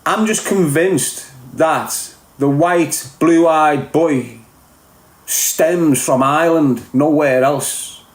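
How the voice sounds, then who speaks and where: A man's voice: fairly high pitch, a little mellow, echoey room, poor audio. A man with a Liverpool Scouse accent talking bluntly and emphatically in a casual podcast chat, swearing often. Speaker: podcast guest.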